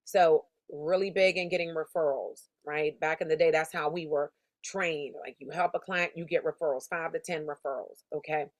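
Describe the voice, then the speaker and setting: A woman's voice: sits low, fairly even intonation, normal speed, no room sound. A woman sales coach giving a motivational lesson in an emphatic, conversational, slangy storytelling manner. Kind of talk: motivational teaching talk.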